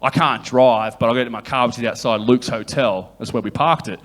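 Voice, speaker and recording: A man, a comedian, tells a long, sweary story on a live podcast. He rambles with restarts and puts on quick voices for the people in it. His pitch sits in an ordinary middle range. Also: fairly even intonation. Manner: profane, rambling anecdote-telling with quick voiced quotes. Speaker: guest comedian.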